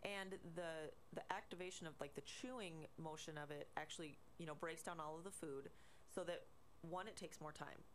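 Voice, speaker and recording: A woman guest on a radio talk show, explaining in a relaxed way with many fillers. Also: sits low, normal speed, a little hiss or hum. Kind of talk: casual radio chat.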